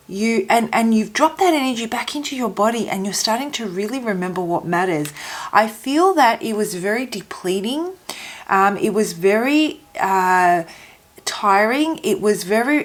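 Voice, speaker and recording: A woman reading tarot to camera in a mid-range voice that keeps catching in her throat. She speaks gently and haltingly, repeating phrases as she searches for the right words. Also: medium pitch. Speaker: tarot reader.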